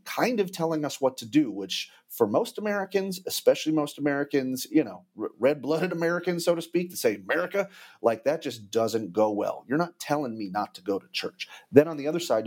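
A man's voice: mid-range voice, lively intonation, fairly quick, hardly any pauses, darkish tone. A man talking casually as a podcast guest, earnestly explaining and giving practical advice on church communications.

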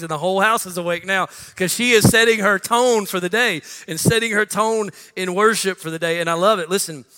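A middle-aged pastor preaching in a high, bright voice. He talks conversationally, keeps saying "listen" and acts out little quotes. His voice rings through a large church with a long reverb. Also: clear, resonant tone. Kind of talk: sermon. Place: church sanctuary.

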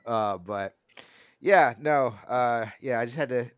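A man's voice: medium pitch, takes it slowly, smooth, no echo, muffled recording. A man in his thirties in casual chat, rambling and laughing often. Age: 30s.

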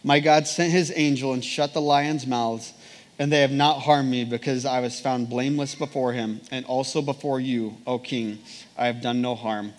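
A man preaching a sermon and reading scripture aloud, in an earnest, measured way with repeated phrases. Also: mid-range voice, steady tone. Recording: long hall reverb.

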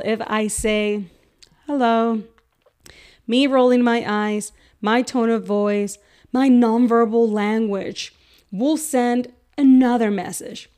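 A woman's voice: on the high side, darkish tone, clean tone. A woman hosting a podcast who talks earnestly as a counselor, repeating words for emphasis and acting out little examples. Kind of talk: educational podcast talk.

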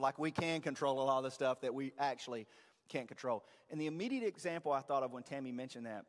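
Male pastor, conversational and self-deprecating sermon delivery, slightly higher voice, church hall reverb. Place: church sanctuary.

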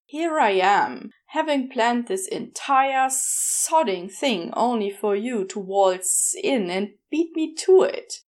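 A woman's voice: fairly high pitch, expressive, slow, few pauses. A woman voicing a wry, sulky male demon in a podfic reading. He talks in a self-mocking, hesitant way.

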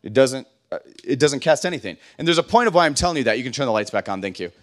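A young man giving a casual sermon as a pastor, chatty and self-deprecating, full of likes and restarts, at times building to loud, slow, emphatic preaching. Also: medium pitch, expressive.

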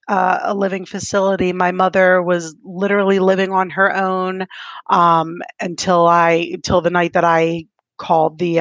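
A woman's voice: mid-range voice, gravelly, a bit bright, no echo. A woman co-hosting a podcast in casual chat, telling stories candidly and rambling, with laughs and moments where she is close to tears. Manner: emotional, close to tears when recounting. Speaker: podcast co-host.

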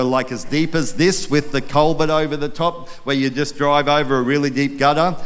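A middle-aged man preaching a sermon, telling stories and acting out voices with animation. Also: mid-range voice. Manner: storytelling, animated, acts out quoted voices. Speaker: pastor. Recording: long reverb of a large hall.

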